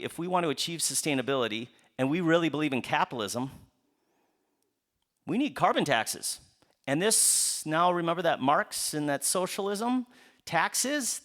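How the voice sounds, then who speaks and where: Animated midwestern man giving a lecture. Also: medium pitch. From Upper Midwest United States. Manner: animated, poses rhetorical questions and answers them; draws the audience in with playful asides. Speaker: author giving a book talk. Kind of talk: public lecture to a live audience.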